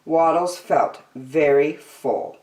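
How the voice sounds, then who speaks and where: A woman reading a children's picture book aloud with slow, expressive delivery. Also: sits low. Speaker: children's storyteller. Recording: roomy, from a distance.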